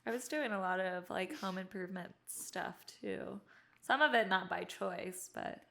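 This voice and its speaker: Young adult woman as podcast guest, animated casual storyteller, laughs a lot, mid pitch. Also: normal speed, gravelly. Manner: animated, laughs often, many "like"s.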